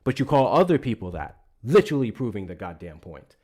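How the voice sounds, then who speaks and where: A man's voice: medium pitch, sing-song, fairly quick, darkish tone. A man hosting a live call-in politics stream, arguing bluntly with callers, swearing often and stumbling over repeated words.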